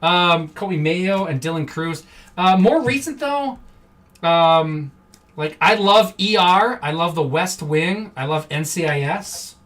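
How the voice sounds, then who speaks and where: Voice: medium pitch, takes it slowly, fairly bright tone, far from the mic. Chatty card-break host from Wisconsin. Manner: chatty, rambling, easily amused. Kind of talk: live-stream casual chat. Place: indoor room.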